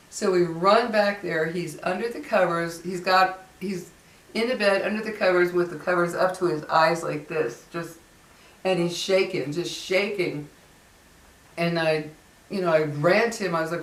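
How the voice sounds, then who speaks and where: A woman's voice: fairly low pitch, moderate pace, recorded from a distance. Chatty middle-aged woman telling a ghost story. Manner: chatty, rambling, many fillers and restarts. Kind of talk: casual storytelling. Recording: roomy sound from away from the mic.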